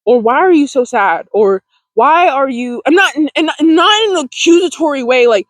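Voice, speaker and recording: A self-help host talking casually to camera, rambling with fillers and laughs, gentle and encouraging. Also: high voice, animated, normal speed, dry recording, rough recording.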